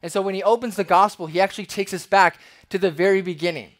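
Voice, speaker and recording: A man preaching a sermon as pastor, conversational and lively, with playful asides. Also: high-pitched, fast.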